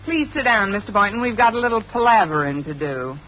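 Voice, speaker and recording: A woman's voice: mid-range voice, lively intonation, quick pace, lo-fi sound. A woman playing a wisecracking schoolteacher in a 1950s radio sitcom, with a playful, flustered manner. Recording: old radio broadcast with live audience laughter and hiss.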